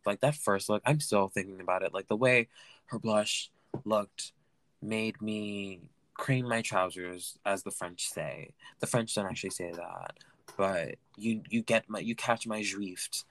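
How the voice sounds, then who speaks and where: A man with a mid-range voice hosts a solo recap podcast, chatting in a campy style that swings from loud gushing to mumbled asides. There's no room sound.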